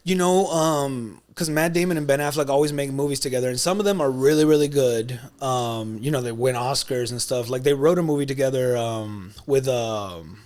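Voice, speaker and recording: A young man co-hosting a podcast, talking in a casual, animated way and slipping into mock voices for jokes. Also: mid-range voice, normal speed, hardly any pauses. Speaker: podcast co-host. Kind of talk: casual chat.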